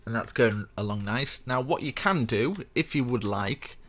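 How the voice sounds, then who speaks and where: A man's voice: medium pitch, moderate pace, fairly bright tone. A young man casually walking viewers through a building tutorial step by step, chatty and rambling with self-mocking asides.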